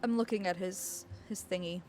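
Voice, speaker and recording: A woman's voice: on the low side, fairly even intonation, normal speed, darkish tone, faint music behind. A woman streamer chatting casually and reading game text aloud, giggling often.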